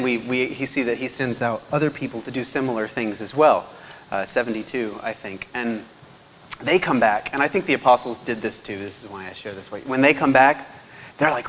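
A male teacher with a mid-range, slightly bright voice talks at a normal speed while giving a casual slide presentation. He's chatty and keeps checking in with his audience. The recording has a long hall reverb and faint background noise.

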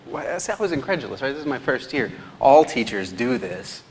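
A man's voice: mid-range voice, sing-song, moderate pace. Young guy preaching, self-deprecating storyteller, long echo in a big hall. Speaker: lay preacher, teacher. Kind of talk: sermon. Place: church hall.

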